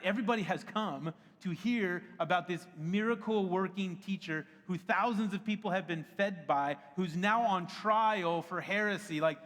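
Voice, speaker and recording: A man in his thirties preaching a sermon to a church, in a conversational, animated way that breaks often into laughter. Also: sits high. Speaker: pastor. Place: church auditorium. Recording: long hall reverb.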